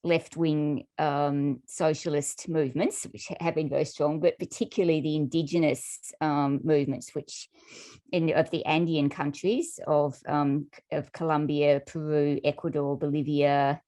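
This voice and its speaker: A woman with a low voice gives a guest talk over a video call, sharing slides as she goes. Her delivery is casual and a little hesitant, full of ums and light laughs. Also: level tone, measured pace, dark tone. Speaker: guest speaker. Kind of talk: presentation with slides.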